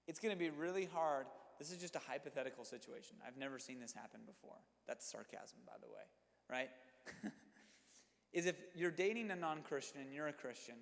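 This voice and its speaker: Youth pastor guy preaching, high voice, keeps repeating stuff for punch, big echoey hall. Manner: emphatic, repeats phrases for effect, addresses listeners directly. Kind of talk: sermon.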